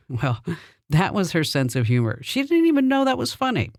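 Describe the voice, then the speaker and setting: A woman's voice: deep voice, sing-song, normal speed, darkish tone, no room sound, clean studio sound. A middle-aged woman hosting a podcast, telling personal stories in a chatty way and laughing between lines. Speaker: podcast host.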